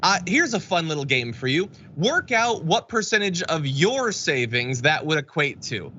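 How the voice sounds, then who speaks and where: A man's voice: fairly high pitch, sing-song, pushed and bright, lo-fi sound, slight background noise. A man hosting a live political news show, delivering the stories with dry, sarcastic commentary. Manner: sarcastic, wry and quick. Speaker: news talk show host.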